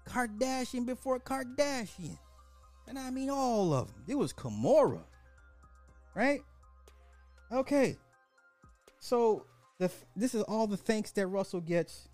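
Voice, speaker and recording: A man's voice: very high voice, very animated, takes it slowly, pauses often, a little mellow, soft background music. A man hosting a podcast of social commentary, telling a story in a casual, profane, mocking way and repeating phrases for effect. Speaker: podcast host.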